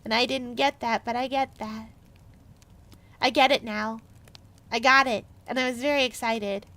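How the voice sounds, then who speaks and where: High-voiced woman streamer reading aloud. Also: normal speed. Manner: chatty and excitable with chat. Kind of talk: live stream book reading and chat.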